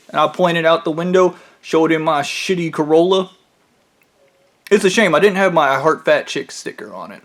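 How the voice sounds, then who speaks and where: A man's voice: fairly high pitch, moderate pace. A man telling a crude comic story in a profane, blunt and mocking way. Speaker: storyteller comedian.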